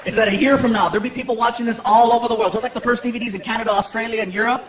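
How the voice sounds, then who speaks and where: A male stand-up comedian telling stories in an animated way, laughing as he talks in front of a live theater audience. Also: very high voice, rapid-fire, heavy background noise. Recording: echoey theater, loud laughing crowd.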